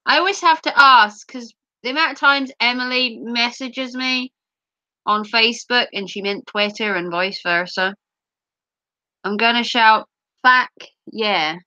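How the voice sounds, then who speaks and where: A woman's voice: a little high, measured pace, sharp tone, no room sound, lo-fi sound. A middle-aged woman hosting a casual livestream, teasing viewers and reading their comments, her voice a little sore. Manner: playful, teasing, giggly. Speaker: livestream host. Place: home, streaming.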